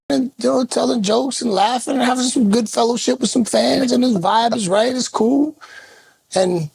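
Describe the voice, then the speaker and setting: Gravelly, high-voiced man telling a story. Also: dry recording. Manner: animated storyteller, acts out voices. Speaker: co-host. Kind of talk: casual storytelling chat.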